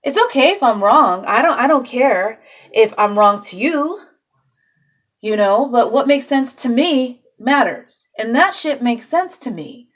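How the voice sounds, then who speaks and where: With a fairly high, lively voice and a slightly slow delivery, a woman speaks casually and with feeling about faith in a spiritual monologue. She swears freely and laughs between her thoughts.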